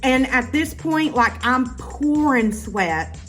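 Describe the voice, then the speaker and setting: Animated, cursing storyteller woman. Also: high-pitched, slow, soft background music. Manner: animated, profane, addresses viewers as y'all. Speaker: YouTuber. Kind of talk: casual storytime vlog.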